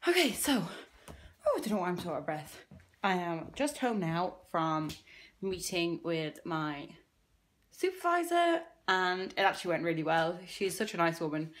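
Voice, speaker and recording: A woman's voice: on the low side, big pitch swings, normal speed, faint music behind. Chatty young woman vlogging. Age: young adult. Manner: chatty, self-deprecating, rambling asides; drops to a near-whisper at times. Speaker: vlogger, university student. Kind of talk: casual vlog chat to camera.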